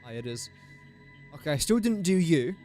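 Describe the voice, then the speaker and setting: A talkative man hosts a casual game live stream, working through numbers out loud and tossing in jokes. His voice sits a touch high for a man, with faint music under him. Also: big pitch swings, moderate pace. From England. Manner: thinks aloud while doing sums, chatty and joking.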